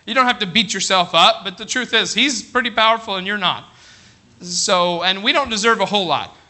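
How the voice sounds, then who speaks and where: A middle-aged man preaching a sermon as pastor, animated, checking in with the congregation with "all right?". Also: high-pitched, brisk.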